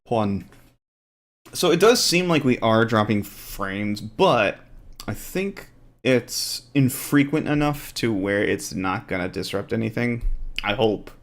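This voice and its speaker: A man's voice: fairly low pitch, expressive, takes it slowly. A man streaming live, chatting casually to viewers with a rambling, um-filled delivery. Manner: rambling, with frequent ums.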